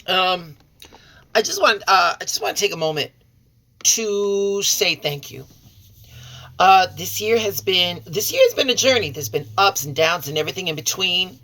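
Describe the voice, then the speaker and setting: A woman from Chicago hosting a tarot reading channel, talking casually and warmly to her viewers and calling them y'all and honey. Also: fairly low pitch, animated, moderate pace. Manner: folksy and chatty, calls listeners y'all and honey; warm and sincere toward viewers. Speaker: tarot and oracle reader, channel host. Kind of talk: casual direct-to-camera chat.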